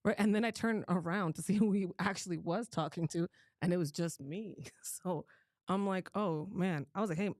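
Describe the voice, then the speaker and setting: A woman's voice: fairly low pitch, normal speed, dry recording, studio quality. A young woman co-hosting a podcast, telling a story in casual chat and acting out the quotes. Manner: animated, acts out quotes with voices. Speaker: podcast co-host.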